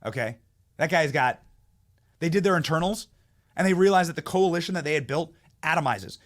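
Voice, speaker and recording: Give me a man hosting an opinionated commentary show, heated and mocking, with a slightly high voice. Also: brisk. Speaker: political commentary host.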